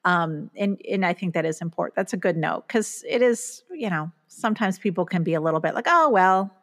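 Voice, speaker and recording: A middle-aged woman with a voice on the lower side speaks as a podcast guest. She is earnest and reflective, often pausing on fillers as she works through her thoughts in casual conversation. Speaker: author and guest.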